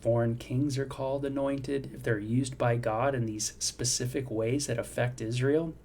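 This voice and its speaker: A man's voice: mid-range voice, fairly even intonation, normal speed, a little mellow, slight background noise. A middle-aged man giving a devotional Bible teaching in a conversational, reflective way, often asking "right?" and saying "you know.". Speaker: devotional host.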